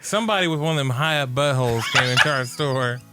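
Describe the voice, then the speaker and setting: A man co-hosting a podcast, telling a crude story in relaxed, casual chat. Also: medium pitch, fast, over loud music. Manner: laid-back, crude humor. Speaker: podcast co-host.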